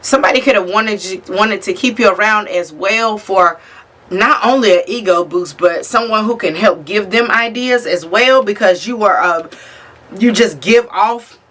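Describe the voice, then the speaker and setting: A woman's voice: mid-range voice, moderate pace, a bit bright. A woman giving a casual tarot reading straight to the viewer, talking bluntly and swearing freely. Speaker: tarot reader. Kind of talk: casual spiritual reading to camera.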